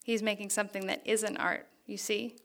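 A woman reading aloud the lines of a quiet, friendly young male photographer from her fiction. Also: medium pitch, level tone, normal speed, natural voice. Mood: quietly friendly.

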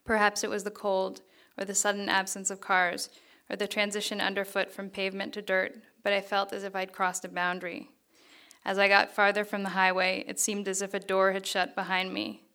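A woman author reading a passage of her fiction aloud in a measured, even way. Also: medium pitch, smooth.

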